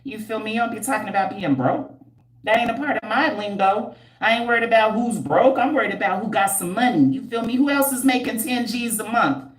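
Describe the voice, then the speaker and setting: A woman's voice: fairly high pitch, fairly quick, echoey room. A woman hosting a casual livestream, blunt, slangy and teasing, breaking into squeals and laughs as she reads viewer comments. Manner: animated and preachy, with frequent squeals and laughs. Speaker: livestream host and hair care entrepreneur.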